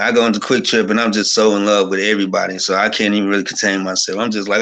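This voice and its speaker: A man's voice: fairly low pitch, steady tone, quick pace, a bit bright. Fervent man sharing a spiritual testimony. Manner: fervent and overwhelmed, many restarts. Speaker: guest. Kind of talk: emotional personal testimony.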